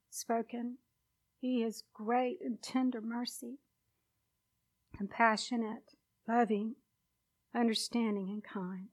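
A woman preaching a sermon and sharing a personal testimony, with an emotional, emphatic delivery. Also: a little high.

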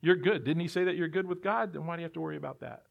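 A man's voice: on the high side, very fast, vocal fry, phone-quality sound. A man voicing the devil as a sly, coaxing tempter in a sermon.

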